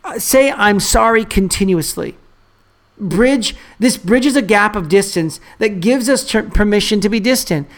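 A man preaches a sermon with a rough, gravelly texture. He drives points home by repeating them, then slides into chatty, offhand asides to the congregation. He sounds like a pastor with young kids at home. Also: high voice, unhurried. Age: adult father of young children. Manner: emphatic, repeats key phrases for the congregation; conversational asides and fillers.

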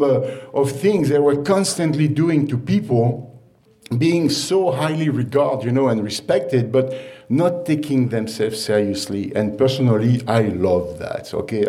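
A chef and restaurant owner giving an informal talk to an audience, halting with many fillers and restarts. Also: male voice, mid-range voice, dark tone. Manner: storytelling, laughs at own anecdotes.

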